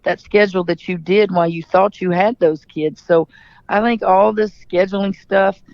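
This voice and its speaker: A woman's voice: mid-range voice, fairly even intonation, moderate pace, no room sound, highs cut off. A middle-aged woman from Louisiana, a basketball coach answering interview questions in a forthright, storytelling manner.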